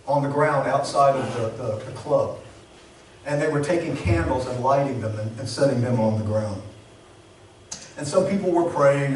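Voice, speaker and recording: A man pastor delivering a sermon in an earnest, measured storytelling manner with emphatic pauses. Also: mid-range voice. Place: church sanctuary. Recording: very echoey hall, distant mic, faint hiss.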